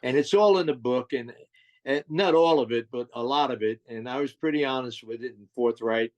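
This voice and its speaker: An older man from New Jersey talks about his life as a guest on an interview show. His voice sits at an ordinary pitch, and he speaks with eager enthusiasm. He trips over his words and restarts his sentences as he goes. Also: brisk, a little mellow, muffled recording. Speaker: guest musician. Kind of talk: casual interview storytelling.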